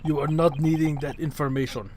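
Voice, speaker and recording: A man putting on a haughty Russian sailor with a put-on accent, drawing out loud, broken English at a slow pace. The voice sits a little high, and the stream audio carries a clear background hiss. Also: steady tone, lightly acted. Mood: condescending. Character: gruff hostile male Russian ship crewman. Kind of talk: reading game dialogue aloud on a live stream.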